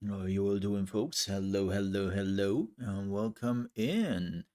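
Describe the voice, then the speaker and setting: Young guy on a live stream, kinda low voice, talks slow, rambles with lots of ums. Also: mellow, clean tone. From outside the US, from a country with universal healthcare. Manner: rambling, chatty, frequent laughs and fillers. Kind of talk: casual livestream chat.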